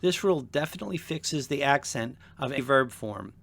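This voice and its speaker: A man teaching a seminary language lesson in a measured, deliberate, scripted narration. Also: mid-range voice, expressive, creaky, a bit bright. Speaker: seminary instructor.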